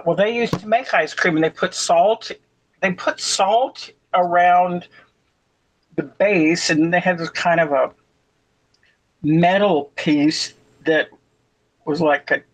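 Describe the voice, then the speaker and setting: A woman's voice: lowish voice, slow, low-quality recording. Woman from the US, rambling chatty storyteller, talking from home mid-snack. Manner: rambling, digressive storytelling while eating. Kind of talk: casual chat. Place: at home in her apartment.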